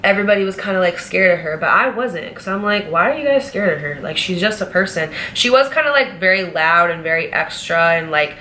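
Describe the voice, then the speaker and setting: A bright, forceful young woman recounting a workplace story in a chatty, animated way with plenty of fillers. A faint hum of noise sits under her voice. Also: medium pitch. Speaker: vlogger. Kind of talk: casual storytime.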